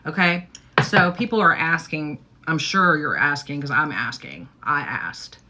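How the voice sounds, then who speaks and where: A woman's voice: low voice, animated, unhurried, bright, forceful tone. A middle-aged woman hosting a casual get-ready-with-me livestream, talking in a rambling way with lots of "okay?" and "like". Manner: chatty, rambling, repeats "okay?" and "like". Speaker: livestream host.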